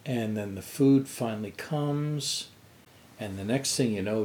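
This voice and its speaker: A man's voice: on the low side, unhurried, a little mellow. A man co-hosting a podcast, telling a restaurant story in casual chat. He swears freely and acts out the quotes. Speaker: podcast co-host.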